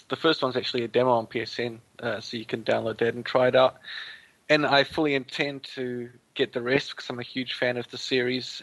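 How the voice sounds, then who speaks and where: Brief: man, podcast panelist, gravelly, mid pitch, relaxed. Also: rough recording. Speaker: podcast co-host. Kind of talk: casual gaming podcast chat.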